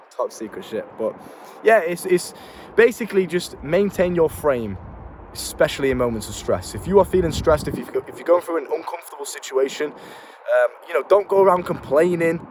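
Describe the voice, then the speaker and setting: A young man talking casually to camera as a self-improvement coach, blunt and slangy, swearing and repeating words, with faint street noise behind him. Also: on the high side. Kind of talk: casual motivational talk to camera. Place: outdoors in town.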